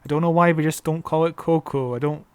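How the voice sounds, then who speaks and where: A man's voice: fairly high pitch, fairly even intonation, quick pace, clear, resonant tone, no room sound. Podcast cohost guy, chatty and laughy, poking fun at the show, dry sound. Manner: chatty, laughs often, jokey critiques. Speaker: podcast co-host. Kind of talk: casual chat.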